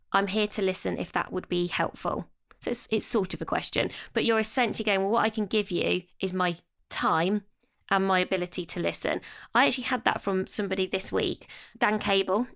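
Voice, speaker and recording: A woman with a smooth, clear, mid-pitched voice co-hosts a relaxed career podcast. She talks reflectively and shares personal stories with a self-deprecating touch. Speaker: podcast co-host. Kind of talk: casual podcast chat.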